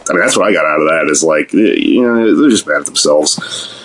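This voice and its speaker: A man's voice: a bass voice, lively intonation, fairly quick, a bit bright. A man talking loosely on a podcast, rambling and swearing, with frequent laughter. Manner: rambling, profane, laughs often. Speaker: podcast guest. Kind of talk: casual podcast conversation.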